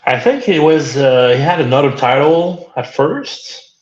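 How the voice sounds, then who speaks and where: A man's voice: fairly high pitch, expressive, unhurried, roomy sound, dull audio. A man in a band, talking in an interview and repeating words as he finds his way. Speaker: band member. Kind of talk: casual interview chat.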